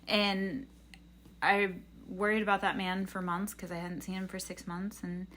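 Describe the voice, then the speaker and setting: A woman's voice: mid-range voice, fairly even intonation, unhurried, fairly bright tone. A young adult woman on a livestream reading tarot, telling a rambling, earnest story full of fillers and advice. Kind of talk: casual chat.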